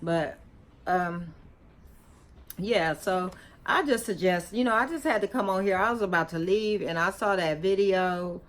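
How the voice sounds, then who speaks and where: Reacting to a video in her vlog, a woman gives her opinion in casual slang while chewing gum, emphatic and repetitive, scolding and preachy as she lectures. Her voice is fairly low and a little slow.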